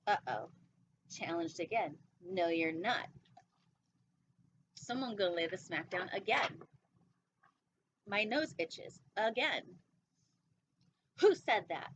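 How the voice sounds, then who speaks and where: A woman's voice: mid-range voice, expressive, takes it slowly, pauses often, fairly bright tone. A young woman hosting storytime, reading a children's picture book aloud with playful, chatty asides. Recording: dull lo-fi sound with faint noise.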